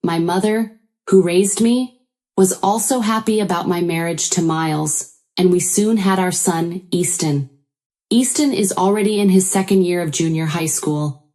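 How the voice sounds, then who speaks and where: Woman, story narrator, low pitch, warm mellow tone, even and measured. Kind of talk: scripted first-person story narration.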